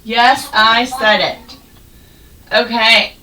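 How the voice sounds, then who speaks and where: A woman teaching a first grade class, sounding out words slowly and praising the children. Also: fairly high pitch, steady tone, bright, forceful tone, distant mic, a little hiss or hum, rough recording. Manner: slow, exaggerated sounding out of words, encouraging. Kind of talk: classroom phonics and reading lesson.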